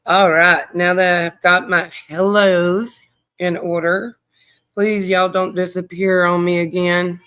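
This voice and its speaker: Unhurried, smooth-voiced woman. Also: on the low side, little pitch movement, a bit bright. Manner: rambling, chatty, greets viewers by name. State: tired. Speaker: true crime livestream host. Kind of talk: casual livestream chat.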